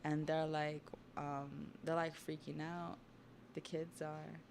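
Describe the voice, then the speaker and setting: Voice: medium pitch, level tone, slow, gravelly, slight background noise. A streamer casually recapping a comic on a livestream, with laid-back slang, laughter and swearing.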